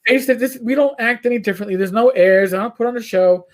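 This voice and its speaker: A man's voice: very high-pitched, fast. Profane New York man rambling. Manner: profane, rambling, animated storyteller. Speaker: podcast co-host. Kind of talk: casual livestream chat.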